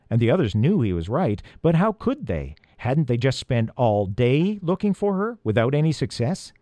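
A man reading a chapter of a children's storybook aloud, expressive and gently paced. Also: mid-range voice, moderate pace, few pauses, no room sound. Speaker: audiobook reader.

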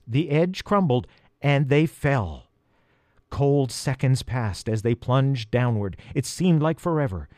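A man's voice: medium pitch, darkish tone, dry recording, studio quality. Man dramatically reading a storybook. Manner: dramatic, slows down for tense moments. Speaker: audiobook reader. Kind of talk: storybook narration.

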